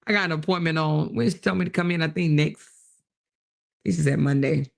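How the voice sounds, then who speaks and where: Gravelly-voiced woman hosting a livestream. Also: sits low, normal speed. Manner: blunt and profane, laughing often, loses her train of thought. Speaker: livestream host. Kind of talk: casual livestream commentary reading viewer comments.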